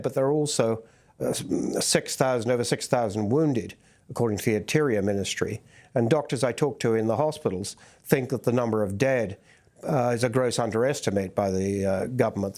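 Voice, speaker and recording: A male correspondent speaks on a news programme at a middling pitch. He explains things in a measured way and keeps stopping on ums and uhs while he gathers his thoughts. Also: a little mellow. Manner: reporting in a measured way with many fillers. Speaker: foreign correspondent. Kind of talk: news interview.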